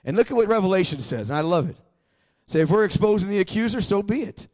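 Male pastor with a high voice, emphatic sermon delivery, call-and-response. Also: expressive, quick pace, a little mellow.

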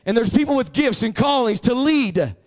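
A man's voice: extremely high pitch, lively intonation, moderate pace. A man preaching a sermon emphatically as a pastor, often calling on the congregation to repeat phrases back. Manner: emphatic preaching with call-and-response prompts.

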